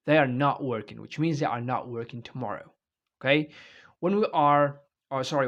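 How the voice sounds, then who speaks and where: A man's voice: on the high side, lively intonation, moderate pace, a bit bright. A man giving an online English grammar lecture, explaining step by step and checking in often with "okay?" and "right?". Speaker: English teacher.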